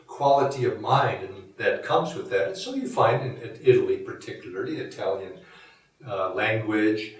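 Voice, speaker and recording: A man giving a reflective spiritual talk in a measured, musing, conversational way. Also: on the low side, expressive. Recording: echoey room from a distant mic.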